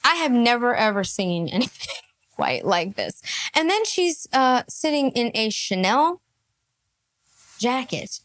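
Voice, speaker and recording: Sassy, high-voiced woman roasting people. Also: unhurried, pauses often. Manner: sassy, mocking, laughing, animated. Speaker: comedic commentator. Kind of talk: parody comedy commentary.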